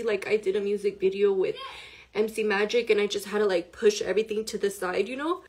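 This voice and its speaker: A woman's voice: medium pitch, fairly even intonation, fairly quick, darkish tone, husky. A shaken, upset woman telling a personal story to camera in a rambling way, full of "like" and swearing. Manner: rambling, heavy use of "like" and profanity, agitated.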